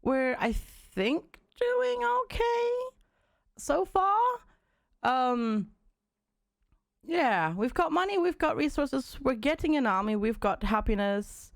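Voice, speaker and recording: A woman hosting a casual let's-play video, relaxed and quick to react with exclamations. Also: sits high, gravelly, no room sound, clean studio sound. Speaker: gaming channel host.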